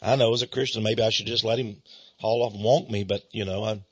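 A man, a Christian speaker telling stories in an animated, chuckling sermon style. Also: on the low side, quick pace, breathy edge, highs cut off. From Texas, USA. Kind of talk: storytelling sermon.

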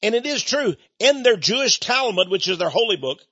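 A man's voice: sits high, very animated, brisk, pushed and bright, husky. An older man hosting a radio ministry show, talking in a folksy, chuckling way with stammering restarts, on dull lo-fi broadcast audio. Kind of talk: conversational radio monologue.

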